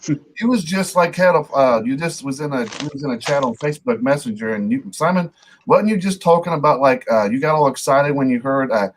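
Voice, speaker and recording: A man's voice: medium pitch, expressive, fairly quick. A middle-aged man hosting a casual rock podcast, talking loosely and swearing now and then. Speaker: podcast host. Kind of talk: casual chat.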